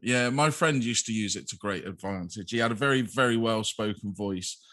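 A man's voice: lowish voice, moderate pace, bright, forceful tone. A man co-hosting a casual chat podcast, speaking bluntly with dry humour. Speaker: podcast co-host.

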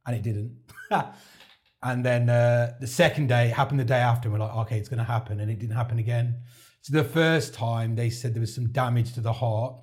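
A man's voice: mid-range voice, steady tone, brisk, darkish tone. Chatty man telling his story. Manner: chatty, relives events by acting out quoted dialogue. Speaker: podcast guest, heart transplant recipient. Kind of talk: casual interview storytelling.

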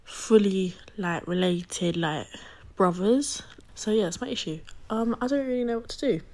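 A young woman calling in with a dilemma, talking with a lisp and a hesitant, halting manner. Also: mid-range voice, a little mellow. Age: young adult. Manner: hesitant, filler-heavy. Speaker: caller. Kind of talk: voice-message dilemma.

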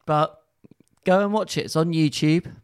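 A man's voice: fairly high pitch, fairly even intonation, normal speed, smooth. A man, co-hosting a casual podcast chat, laughing easily and mimicking characters. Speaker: podcast co-host.

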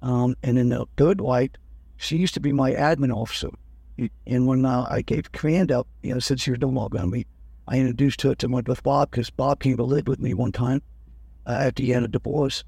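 Gravelly older man telling stories. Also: mid-range voice, steady tone, fairly quick, mellow, no room sound. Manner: rambling, self-correcting anecdotes. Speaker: guest. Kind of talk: relaxed storytelling in conversation.

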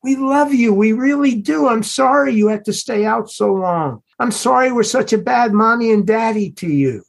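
A man's voice: very high-pitched, moderate pace, vocal fry, hardly any pauses, voice pushed up, full character voice. A man voicing a frantic middle-aged father searching the woods for his lost daughter, pleading and self-reproaching in a breaking voice. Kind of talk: dramatic reading of a novel.

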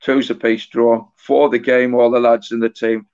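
A middle-aged man and author, a guest on a podcast interview, telling stories in a halting, anecdotal way. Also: medium pitch, little pitch movement, darkish tone, smooth. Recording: dull lo-fi podcast audio.

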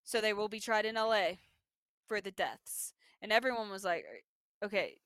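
Lively woman host recapping with bright voice. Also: medium pitch, clear, resonant tone, no room sound. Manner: animated, acts out characters' lines in quick bursts. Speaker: podcast host. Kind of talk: casual chat recapping a TV episode.

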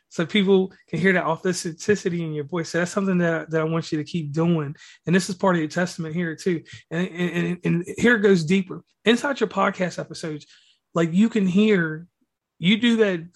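Male podcast host, fairly high pitch, rambling slangy praise. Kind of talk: casual interview talk.

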